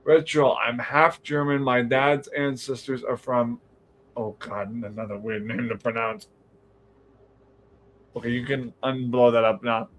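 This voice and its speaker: A man's voice: mid-range voice, unhurried, long pauses, a little hiss or hum, rough recording. A young man with a Boston accent, hosting a casual late-night podcast stream, telling rambling family stories and reading out viewer comments. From New England. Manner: rambling storyteller, quotes others in lively voices. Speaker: livestream podcast host.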